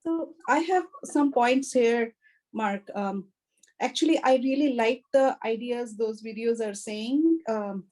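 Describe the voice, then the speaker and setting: A woman college instructor shares her teaching challenges in an online faculty discussion. She speaks in a measured way, often pausing with "um" and "you know". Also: on the high side, dark tone, rough recording.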